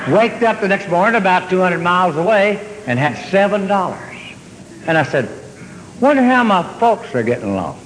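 A man telling a long comic story on stage, drawling and deadpan, then jumping up in excitement. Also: high-pitched, moderate pace, noisy background. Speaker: comedian. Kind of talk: stand-up storytelling. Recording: hall reverb with faint ambience.

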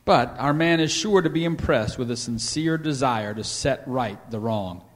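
A man at a meeting, reading a passage aloud in a steady, careful way. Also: mid-range voice, moderate pace, big-room sound. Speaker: meeting participant.

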